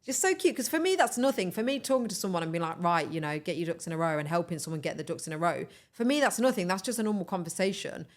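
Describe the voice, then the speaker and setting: A young woman hosting a podcast, chatting in an animated, enthusiastic way and urging her listeners on. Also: on the low side, fast talker, few pauses. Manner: animated, enthusiastic, talks straight to listeners as "guys". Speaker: podcast host. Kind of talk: casual motivational chat.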